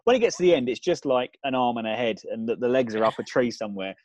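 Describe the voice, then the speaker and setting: A man co-hosting a comedy chat, rambling through an absurd film pitch with lots of ums. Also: expressive, fast talker, a little mellow, no echo. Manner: rambling, builds absurd scenarios with fillers.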